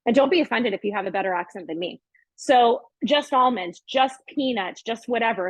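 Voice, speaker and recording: This cooking show host, a middle-aged woman, keeps up upbeat chatter while demonstrating a dish in her home kitchen. Her voice is fairly high, and the lo-fi recording is dry and dull, with no room sound.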